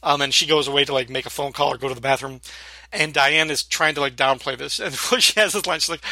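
A man's voice: a little high, quick pace, vocal fry, pushed and bright, no room sound. A man co-hosting a podcast, casually recapping a sitcom episode and laughing often as he retells scenes. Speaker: podcast co-host.

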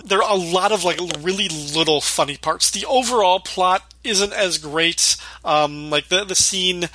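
Bright, lively-toned male podcast host. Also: on the high side, no echo. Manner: rambling, heavy use of "like", acts out quotes. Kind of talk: casual chat recapping a sitcom episode.

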